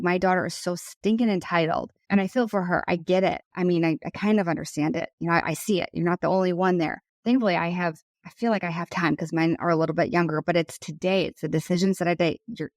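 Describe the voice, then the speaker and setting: A woman's voice: lowish voice, dry recording, studio quality. A woman in her thirties hosting a solo podcast. She speaks as a financial advisor, earnest and passionate.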